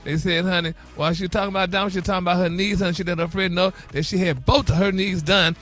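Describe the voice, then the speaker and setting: A man's voice: high-pitched, fairly even intonation, fast, fairly bright tone. A man delivering a celebrity gossip segment on morning radio, flamboyant and theatrical, saying honey and y'all constantly.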